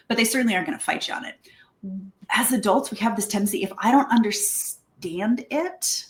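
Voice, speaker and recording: A woman giving a casual presentation to a networking group about her language school, lively and chatty, acting out little quoted exchanges. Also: medium pitch. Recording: echoey room.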